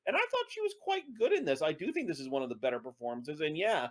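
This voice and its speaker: Guy on a movie podcast, bit high voice, rambles and restarts a lot. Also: big pitch swings, quick pace. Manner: rambling, hesitant with many restarts. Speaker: podcast co-host. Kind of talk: casual movie review chat.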